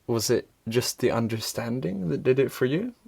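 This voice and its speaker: A man hosting an interview, asking open questions and softly backing the guest with short sounds of assent. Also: medium pitch, animated, moderate pace, gravelly, breathy edge, dry recording. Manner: soft listener, many "mm"s between guest's lines. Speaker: podcast host.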